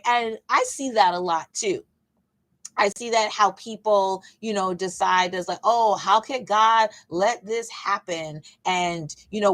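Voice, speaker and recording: A woman's voice: mid-range voice, a bit bright, rough recording. Woman, faith coach, casual Bible teaching, conversational, emphatic repeats, playful asides. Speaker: fitness coach and faith session leader.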